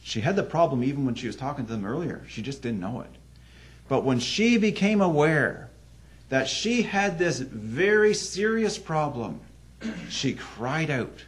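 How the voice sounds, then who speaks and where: A man preaching an evening sermon, telling a story earnestly, with sudden swings between loud emphasis and hushed drops. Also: fairly high pitch, expressive, moderate pace.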